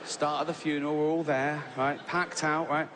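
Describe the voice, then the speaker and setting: A man's voice: a little high, little pitch movement, normal speed, a bit bright. A man, performing a stand-up comedy set, telling a story and often tagging lines with "right?". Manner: storytelling with frequent "right?" tags and laughs. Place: large theatre on stage. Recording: live hall reverb with audience noise.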